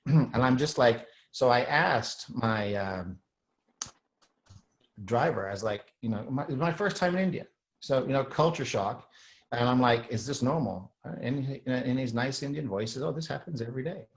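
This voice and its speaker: A middle-aged man hosting a show, talking in a rambling casual monologue with frequent throat clearing and restarts. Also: mid-range voice, unhurried, low-quality recording. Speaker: host.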